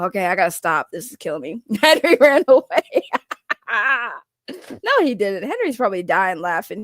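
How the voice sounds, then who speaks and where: A woman's voice: mid-range voice, sing-song, no room sound. A woman streamer chatting casually and joking with her chat, her throat sore from straining her voice. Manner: loose, joking, quick to laugh.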